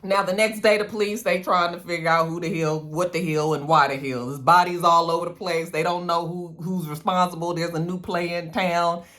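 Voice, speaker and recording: A woman's voice: on the low side, fairly even intonation, a little fast, hardly any pauses, fairly bright tone. A woman in a casual recap vlog, chatty and blunt, swearing freely and acting out characters' lines. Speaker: TV recap vlogger.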